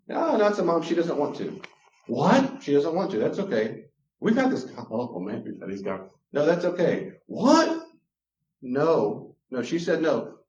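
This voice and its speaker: A man's voice: mid-range voice, a little mellow. A man with a Southern US accent, a Christian counselor giving an impassioned, emphatic lecture to a class. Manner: emphatic, gets worked up. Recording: roomy, dull lo-fi room recording.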